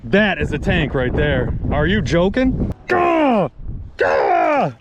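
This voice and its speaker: High, lively man fishing from a boat. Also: measured pace, highs cut off. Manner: exuberant, shouting and swearing mildly. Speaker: fishing vlog host. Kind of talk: excited fishing commentary. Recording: wind noise on an outdoor mic.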